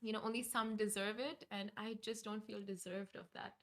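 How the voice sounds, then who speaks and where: A woman's voice: mid-range voice, steady tone, slight background noise. A woman co-hosting a morning show, chatting playfully and laughing easily. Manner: giggly, playful, quick to laugh. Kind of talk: casual chat.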